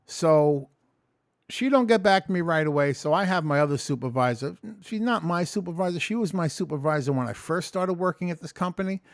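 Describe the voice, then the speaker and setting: A man telling a story in a casual vlog, animated and swearing often as he rants about his day. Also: a little high, a little fast, no room sound, studio quality. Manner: animated, profane, ranting storyteller. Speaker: vlogger.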